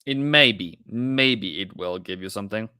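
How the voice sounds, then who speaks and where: A man's voice: fairly low pitch, normal speed, sharp tone, smooth, no echo, clean studio sound. A man with a Norwegian accent hosting a live trading stream, chatting loosely with viewers and rambling as he reads the chat. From Norway.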